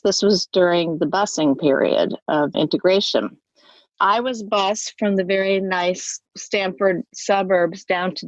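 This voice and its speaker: A woman's voice: medium pitch, no room sound. Chatty woman in her sixties, muffled line. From United States. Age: 60s. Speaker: podcast guest. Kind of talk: casual interview chat. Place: home walk-in closet.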